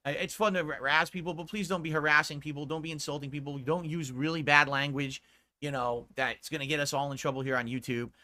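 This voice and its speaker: Blunt, laid-back male streamer, bright tone. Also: steady tone, fast. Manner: laid back, talking lower than usual; blunt and profane when scolding chat. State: sore throat. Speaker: live streamer. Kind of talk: casual stream talk to chat.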